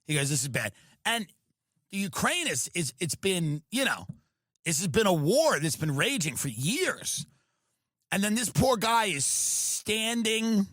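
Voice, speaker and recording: A male podcast host riffing through a profane, animated comedic rant. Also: high voice, no room sound, studio quality.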